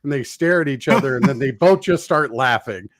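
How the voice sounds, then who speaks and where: A man's voice: mid-range voice, a little fast, no echo, clean studio sound. A man co-hosting a casual gaming podcast, animatedly recounting trailers he watched. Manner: animated, acts out reactions to trailers. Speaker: podcast co-host.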